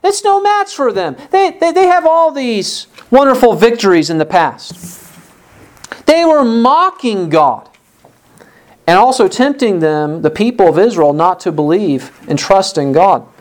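Preacher, sermon, earnest, emphatic, repeats words for stress, medium pitch. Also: very animated, a little slow. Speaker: pastor.

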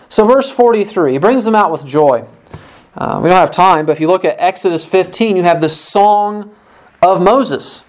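A man's voice: high-pitched, normal speed, low-quality recording. A man preaching a sermon, a parent, emphatic and stressing points by repeating phrases. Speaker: pastor.

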